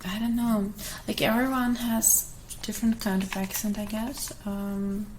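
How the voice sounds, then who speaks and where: A young woman with a German accent and Russian as her first language, soft and hesitant in a whispered ASMR Q&A. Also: medium pitch, level tone, a little hiss or hum, poor audio. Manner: soft, hesitant, many pauses. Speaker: ASMR creator.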